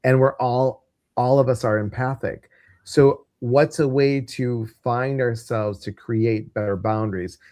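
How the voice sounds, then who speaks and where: A man's voice: mid-range voice, steady tone, a little slow, darkish tone, no room sound, clean studio sound. A man with a Midwestern American accent hosting a casual livestream, chatty and rambling with lots of fillers. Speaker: host.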